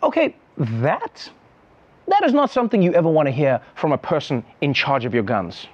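A man's voice: fairly high pitch, sing-song, moderate pace, dull audio. A man hosting a comedy show, delivering a sarcastic, incredulous satirical monologue.

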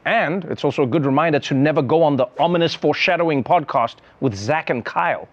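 A man's voice: fairly high pitch, fast, muffled recording. A man hosting a comedy show, delivering a sarcastic, incredulous satirical monologue.

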